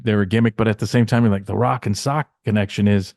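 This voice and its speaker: A man's voice: fairly low pitch, steady tone, fast, creaky, a little mellow, no echo, clean studio sound. A man co-hosting a casual podcast, telling backstage stories animatedly, acting out quotes, swearing and laughing often. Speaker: podcast co-host, former insider.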